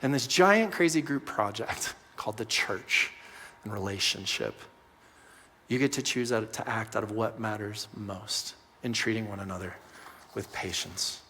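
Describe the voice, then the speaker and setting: A male pastor preaching a sermon, earnest and pastoral, swinging from passionate emphasis to soft, intimate moments. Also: lowish voice, moderate pace, slight background noise. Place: church auditorium. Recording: long hall reverb.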